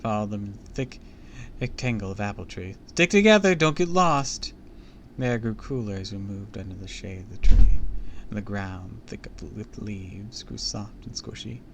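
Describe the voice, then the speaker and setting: A man's voice: on the low side, fairly even intonation, normal speed, gravelly, a little mellow, a little hiss or hum. A man streaming a live read-aloud of a book, breaking off into casual comments and jokes. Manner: chatty, comments and jokes between passages.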